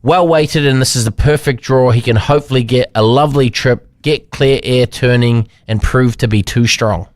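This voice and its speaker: A man's voice: medium pitch, moderate pace, hardly any pauses, no echo. A man, a podcast co-host casually talking through betting tips. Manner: relaxed, gives betting tips. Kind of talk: casual racing tips chat. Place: studio.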